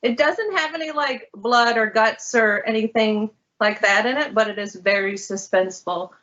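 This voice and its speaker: Casting note: high-pitched woman librarian, eager storyteller, muffled lo-fi sound. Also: moderate pace, a bit bright. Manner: chatty, enthusiastic storyteller. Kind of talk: casual book talk. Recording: lo-fi muffled audio.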